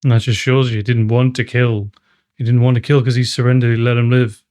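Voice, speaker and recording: A man's voice: medium pitch, flat delivery, brisk. A man hosting a live movie reaction, talking emotionally to the screen and swearing as he watches. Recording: noisy with loud film audio.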